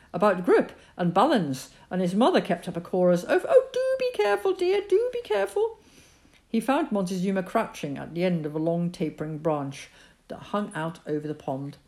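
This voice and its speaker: A woman narrating a children's story in a calm, measured reading voice. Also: on the low side.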